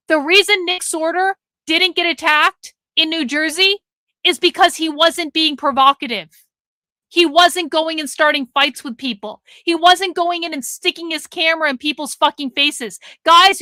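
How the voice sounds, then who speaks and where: A woman's voice: high-pitched, sharp tone, no echo. A woman hosting a live stream, giving blunt, profane, emphatic commentary. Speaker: livestream host.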